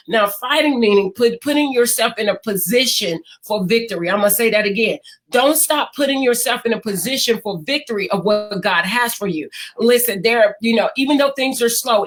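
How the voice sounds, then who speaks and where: High-voiced woman preaching a prophetic word. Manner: impassioned, repetitive preaching with slow emphatic quotes and some shouting. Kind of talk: prophetic sermon delivered live online.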